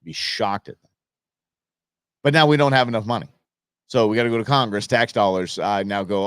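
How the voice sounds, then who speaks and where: A man's voice: lowish voice, brisk, long pauses, clear, resonant tone, no room sound, studio quality. A man hosting a live political commentary show, fired up and sarcastic, often restarting and repeating himself. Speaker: show host.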